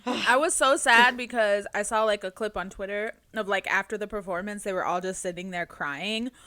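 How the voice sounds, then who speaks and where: A woman co-hosting a casual chat podcast, playful and energetic. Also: mid-range voice, normal speed, dry recording. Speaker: podcast co-host.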